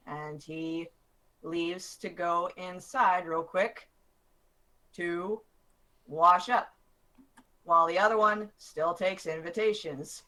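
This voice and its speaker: A man running a tabletop game as game master, narrating in a brisk, matter-of-fact way. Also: sits high, pushed and bright, poor audio.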